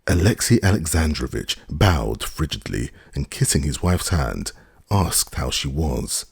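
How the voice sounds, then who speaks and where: Male audiobook narrator, extremely low, gravelly voice, husky, lively intonation. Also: a little slow, no room sound, studio quality. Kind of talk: scripted narration.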